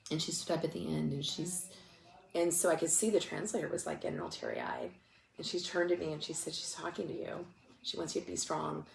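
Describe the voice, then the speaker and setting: A woman ministry speaker with a low, gravelly, sing-song voice tells a story briskly and chattily, full of restarts and fillers, and she is close to tears. The recording comes from an echoey room with faint noise.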